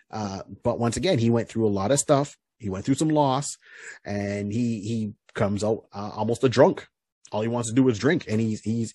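Guy rambling on a podcast, husky, lots of you knows and restarts, dry mic. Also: medium pitch, brisk, dark tone, dry recording. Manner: rambling, full of fillers and restarts. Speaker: podcast co-host. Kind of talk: casual chat recapping comics.

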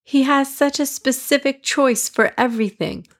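An earnest young boy from a read-aloud storybook, as a woman puts him on. The voice sits higher and brighter than the reader's own, with an aggrieved, wounded edge. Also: normal speed.

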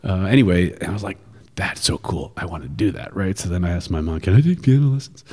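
A man co-hosting a casual talk show, telling stories with animated quoted asides. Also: low voice, quick pace, slightly rough. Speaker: podcast co-host. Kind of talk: casual conversational chat. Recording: long hall reverb.

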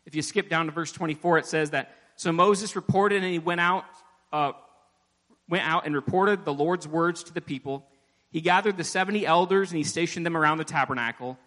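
A man's voice: on the high side, brisk, a bit bright. A man preaching a sermon in a church, talking to the congregation in a conversational way, with self-deprecating asides and acted-out prayers. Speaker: pastor. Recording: long reverb of a large hall.

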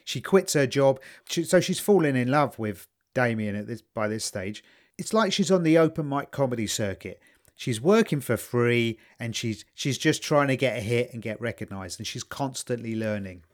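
Uk guy on a podcast, rambly, dry little jokes, mid-pitched voice. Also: animated, normal speed. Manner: rambling storyteller, wry asides. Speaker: podcast co-host. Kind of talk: casual chat.

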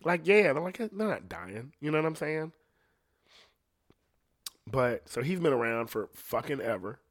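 A young singer rants casually to camera, rambling at an ordinary middle pitch and a slightly slow pace. He swears constantly and restarts his sentences as he goes, his voice swinging between excited bursts and low, mumbled asides.

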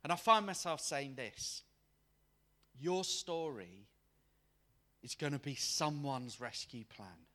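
Man, preacher, animated storytelling sermon, very bright voice, swinging pitch. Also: slow, pauses often. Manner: animated, acts out quoted voices. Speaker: guest preacher.

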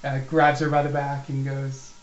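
Game master narrating in an echoey room. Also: male voice, mid-range voice, completely flat delivery, muffled recording. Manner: narrates casually and voices monsters in quick quotes. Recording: echoey room with faint noise.

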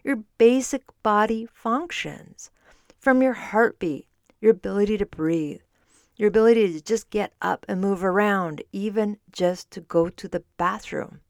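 A woman's voice: mid-range voice, unhurried, no room sound, studio quality. A woman hosting a podcast as a fitness and nutrition coach, explaining in a conversational way and correcting herself as she goes. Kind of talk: solo podcast talk. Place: standing while recording.

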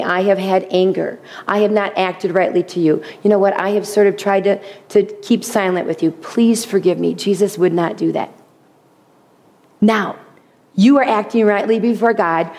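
Middle-aged woman teaching a bible group, earnest, slightly high voice, acts out the quotes. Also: darkish tone.

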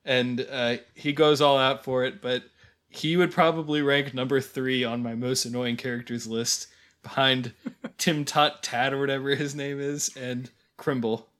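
A man's voice: medium pitch, fairly even intonation, measured pace, a bit bright. A man co-hosting a podcast, giving wry, rambling movie critique and laughing often. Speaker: podcast co-host. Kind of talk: casual chat.

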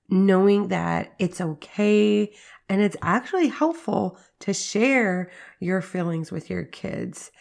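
A woman's voice: mid-range voice, gravelly, a little mellow. A woman in her thirties hosting a podcast, teaching parenting tips in a casual, conversational way with filler words. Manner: conversational, uses "like" and "right?" as fillers. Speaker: podcast host.

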